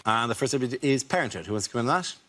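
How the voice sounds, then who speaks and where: A man hosting a comedy panel show, briskly introducing rounds and panelists. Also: medium pitch, animated, fairly bright tone. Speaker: quiz show host. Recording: faint studio audience noise.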